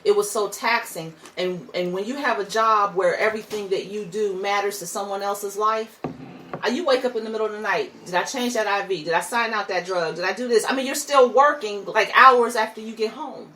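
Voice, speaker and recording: A woman's voice: mid-range voice, fairly quick, sharp tone, a little hiss or hum, low-quality recording. A woman, a coach and former nurse, talking earnestly and reflectively in a casual chat.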